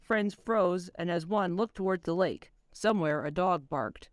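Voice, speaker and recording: A woman reading her own spooky story aloud on a voice call, in a measured storytelling manner. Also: lowish voice, no room sound, clean studio sound. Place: home voice chat. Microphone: computer mic on a voice call.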